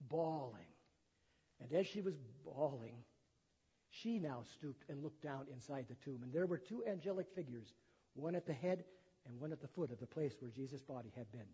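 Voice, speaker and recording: A man's voice: mid-range voice, warm tone, breathy edge. A man preaching a sermon, reading the gospel and retelling it in plain words with chatty asides. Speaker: pastor. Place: church sanctuary. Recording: dull sound in a long-echo hall.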